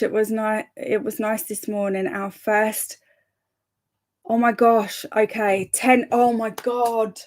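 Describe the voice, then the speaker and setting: A woman's voice: medium pitch, a little mellow. A young woman hosting a live reading stream, chatting casually and reading out viewers' comments, bubbly, laughing often and tripping over her words now and then. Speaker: livestream host of reading sprints.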